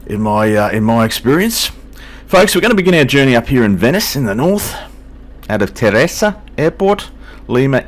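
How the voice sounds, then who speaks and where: An older man, chatting casually as he hosts a flight simulator video, folksy and self-deprecating. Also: fairly low pitch. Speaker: flight sim video host. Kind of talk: casual commentary.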